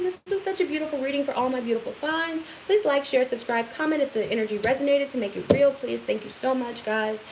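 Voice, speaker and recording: A woman giving an excitable, affirming tarot reading straight to her viewers in a casual home recording. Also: high voice, fast talker, hardly any pauses, a little hiss or hum, rough recording. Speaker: tarot reader.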